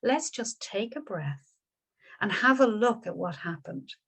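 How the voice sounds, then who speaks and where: Woman voicing a gentle male sage. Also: a little high, lively intonation, measured pace, gravelly, full character voice. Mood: soothing. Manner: gentle, soothing, repeats phrases. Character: the Buddha, calm kindly male sage.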